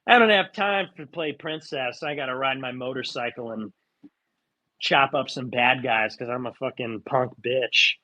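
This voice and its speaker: A man's voice: medium pitch, normal speed, sharp tone, voice pushed down, close to an everyday voice. A man voicing a smug, brash tough-girl action heroine in a sarcastic mocking impression.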